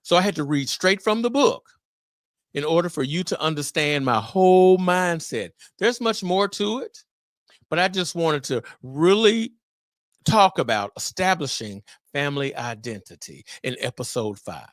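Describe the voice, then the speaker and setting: A middle-aged man hosting a solo podcast on fatherhood, talking in an animated, preacher-like way with exclamations. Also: a little high, moderate pace, dry recording, studio quality. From Memphis area, US. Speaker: podcast host.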